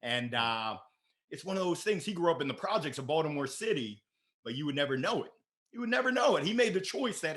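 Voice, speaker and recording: Energetic man from Maryland, slightly higher voice, playful storyteller, casual podcast guest. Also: fairly quick. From Maryland, USA. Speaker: podcast guest, sales director.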